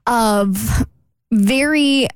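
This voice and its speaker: A woman's voice: on the high side, very slow, smooth, no room sound. Chatty young woman radio co-host. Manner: chatty storytelling with many "like" fillers. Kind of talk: casual radio chat. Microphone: studio microphone.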